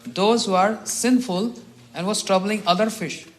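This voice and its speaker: Middle-aged man, a monk teacher, relaxed storytelling talk with frequent chuckles, slightly high pitch. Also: unhurried. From India. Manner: chuckles often, clears throat.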